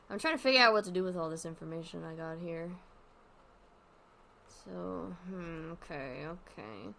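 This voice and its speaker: A woman's voice: on the low side, a bit bright. A woman streamer giving casual commentary while playing, rambling and thinking aloud with lots of fillers.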